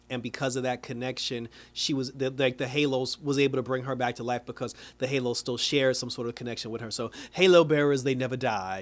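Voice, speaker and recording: A man giving a casual, animated recap of a TV episode, laughing often as he paraphrases what the characters said. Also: medium pitch. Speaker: TV show reviewer.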